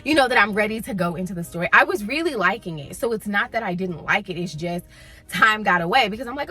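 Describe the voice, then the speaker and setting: A young woman chatting casually to her viewers in a book vlog, expressive and gushing, laughing often as she talks straight to them. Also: mid-range voice, fast talker, breathy edge. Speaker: book vlogger.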